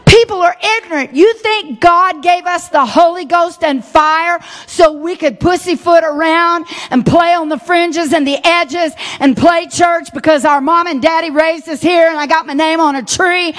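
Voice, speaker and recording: A middle-aged woman preaching a sermon, switching between folksy asides and fiery shouting. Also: high-pitched. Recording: long hall reverb.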